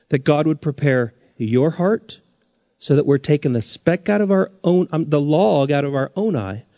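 A man preaching a sermon as pastor, his pitch rising and dropping sharply for emphasis. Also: creaky, warm tone, no echo, muffled recording.

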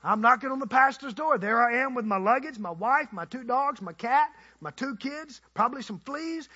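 High, bright, husky-voiced man preaching. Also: brisk, few pauses, lo-fi sound. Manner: animated, conversational, playful with the congregation. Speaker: guest preacher. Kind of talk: storytelling sermon.

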